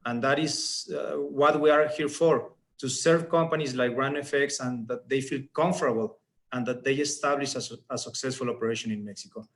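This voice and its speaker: A man's voice: medium pitch, steady tone, brisk, a bit bright. A man presenting as a regional director, earnest and persuasive, stressing key points. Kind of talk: business presentation.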